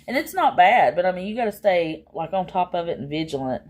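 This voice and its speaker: A woman's voice: lowish voice, big pitch swings, fairly quick, darkish tone. A woman chatting casually on a livestream, rambling and exasperated, with many fillers.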